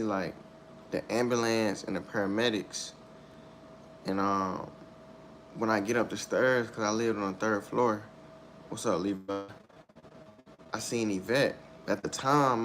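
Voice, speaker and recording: A young man giving a candid personal account in a halting, repetitive, subdued way, circling back over his words. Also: lowish voice, a bit bright, a little hiss or hum. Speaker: storyteller sharing a personal loss.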